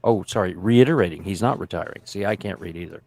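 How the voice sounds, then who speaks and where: A man with a low, gravelly voice co-hosting a casual podcast. He reads articles aloud and breaks in with offhand asides. The sound is dry and close. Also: fast talker, darkish tone, dry recording. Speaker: podcast co-host. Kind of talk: casual chat.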